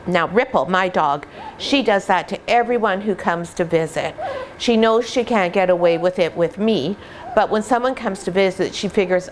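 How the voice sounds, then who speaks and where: Middle-aged lady explaining puppy stuff at home, patient and friendly, normal pitch. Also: moderate pace, slight background noise. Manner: warm, patient explaining with playful voices. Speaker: puppy breeder. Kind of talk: instructional vlog talk. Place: indoors at home with puppies.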